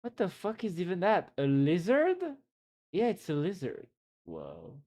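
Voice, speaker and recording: A man's voice: high voice, wildly swooping pitch, unhurried, vocal fry, a little mellow. Young guy on stream reading memes off screen, laughy, swears a lot, desk mic at home. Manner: reads memes aloud and comments with laughs and swearing. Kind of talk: casual live-stream reaction chat.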